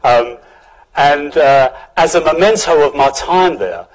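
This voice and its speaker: An older man with a Cockney accent, giving a relaxed public lecture full of anecdotes. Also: a little high, unhurried, low-quality recording. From England, London. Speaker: guest speaker, professor.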